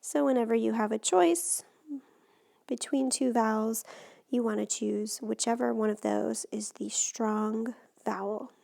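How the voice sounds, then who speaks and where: A woman teacher walks through Spanish grammar in a recorded lesson, patient and methodical. Her voice sits a little high and often drops into a gravelly fry. She sounds close to the microphone. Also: fairly even intonation, unhurried, warm tone. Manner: patient, step-by-step explaining.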